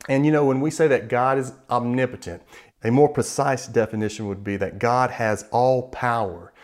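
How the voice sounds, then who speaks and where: A man preaching a sermon in an earnest, measured way, slowing down to stress key words. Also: medium pitch, fairly even intonation, darkish tone.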